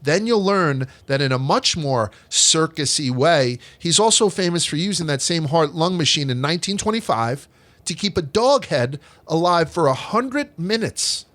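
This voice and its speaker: A man's voice: a little high, animated, moderate pace, fairly bright tone. A man hosting a comedic history podcast, telling old stories with crude jokes and swearing. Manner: profane, joking storyteller reading out history. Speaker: podcast host.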